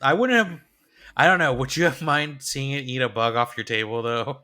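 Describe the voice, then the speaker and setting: Bright-voiced man chatting hesitantly. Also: medium pitch, moderate pace. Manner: hesitant, trails off and restarts. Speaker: podcast co-host. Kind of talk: casual chat.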